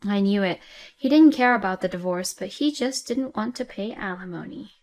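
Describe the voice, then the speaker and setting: A woman's voice: medium pitch, expressive, normal speed, darkish tone. Woman narrating a story plainly.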